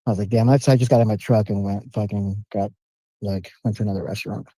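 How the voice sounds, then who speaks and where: Dark-voiced caller telling a profane story. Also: male voice, lowish voice, quick pace, no echo, rough recording. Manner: animated, profane, street slang. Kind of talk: casual storytelling on a call.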